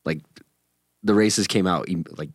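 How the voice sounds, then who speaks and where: A low-voiced man rambles through stories on a casual podcast, stopping and restarting, heavy on crude slang. The recording is dry and close. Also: normal speed, breathy edge, dry recording. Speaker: podcast co-host. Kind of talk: casual group chat.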